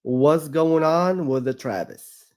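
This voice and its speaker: A man's voice: on the high side, takes it slowly, a little mellow. Iraqi-accented man telling a story. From Iraq. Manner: repetitive, emphatic storytelling with frequent restarts. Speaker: livestream guest. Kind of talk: casual debate-stream chat.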